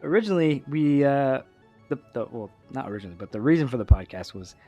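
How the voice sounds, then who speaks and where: A man hosting a gaming podcast, telling a story in a casual, animated way, laughing often and acting out voices. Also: mid-range voice, quick pace, highs cut off, soft background music. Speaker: podcast host.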